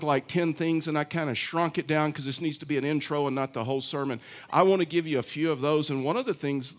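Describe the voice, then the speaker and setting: A middle-aged male pastor giving a conversational sermon, telling stories with frequent restarts. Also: a little high. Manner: chatty storytelling, many restarts.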